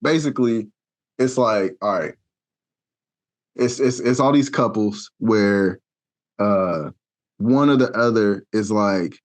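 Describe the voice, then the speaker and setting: A man co-hosting a podcast in casual chat, retelling scenes with lively acted-out quotes and loose, slangy talk. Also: on the low side, slow, long pauses. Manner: animated storyteller, acts out quotes in shifting voices; loose, slangy, with frequent fillers. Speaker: podcast co-host.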